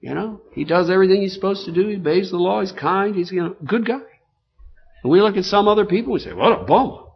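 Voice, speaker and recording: A man's voice: sits high, quick pace, vocal fry, husky. A man preaching a sermon in an earnest, emphatic, conversational way, with many fillers. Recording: dull lo-fi sound with faint noise.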